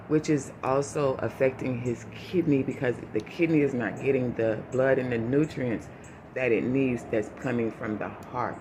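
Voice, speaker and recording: Guy giving a choked-up update to his viewers, halting, lots of ums, steady background noise. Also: medium pitch. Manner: halting, with many fillers and restarts, holding back tears. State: emotional, choking up. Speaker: vlogger giving a family update. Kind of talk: unscripted personal update to viewers.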